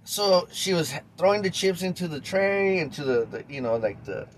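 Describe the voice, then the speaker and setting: A man, hosting a podcast and telling a story straight to his listeners in a loose, animated way with casual swearing. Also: high-pitched, normal speed, a little hiss or hum. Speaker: podcast host.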